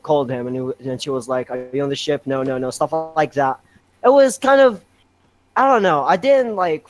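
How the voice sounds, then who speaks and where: A man chatting as a podcast guest, excitable and rambling, laughing loudly. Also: fairly high pitch, poor audio. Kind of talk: casual podcast chat.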